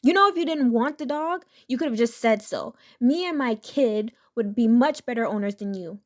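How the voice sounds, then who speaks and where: A woman voicing a demanding, accusing entitled mother in an animated story reading. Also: a little high, normal speed, natural voice. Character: shrill pushy entitled mother, middle-aged.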